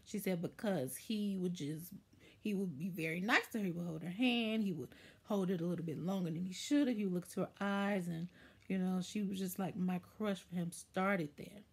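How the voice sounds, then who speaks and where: A woman hosting her own commentary show, giving an opinionated review in a sassy, animated way, her voice leaping up when she stresses a point. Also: on the low side, moderate pace, slightly rough. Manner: animated, sassy, voice jumps up for emphasis. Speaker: YouTube commentary host.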